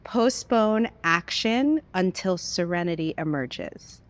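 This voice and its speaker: A woman hosting an interview, affirming her guest with soft murmurs and playful riffs in casual conversation. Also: on the low side, expressive, slow pace, dry recording. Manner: affirming, frequent soft mm-hmms, playful riffing. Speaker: host.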